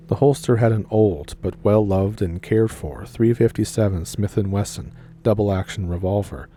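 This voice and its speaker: A man narrating a viewer's story aloud with a wry, deadpan delivery. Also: fairly low pitch, a little hiss or hum.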